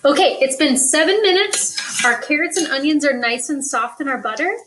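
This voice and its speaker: A high-voiced woman leads a relaxed cooking lesson from a kitchen. She talks in a chatty, easygoing way and laughs readily as she explains each step. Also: moderate pace, a little hiss or hum. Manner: chatty, laughs easily, plays along with banter. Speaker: school choir director teaching cooking. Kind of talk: casual cooking demonstration.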